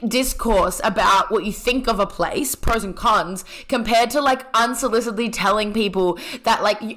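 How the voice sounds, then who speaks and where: A young Australian from Sydney, chatting as a podcast guest in a quick, slangy, animated way. The voice is bright and forceful, pitched a little high. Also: female voice. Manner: animated, slangy storyteller, lots of "like". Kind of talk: casual podcast chat.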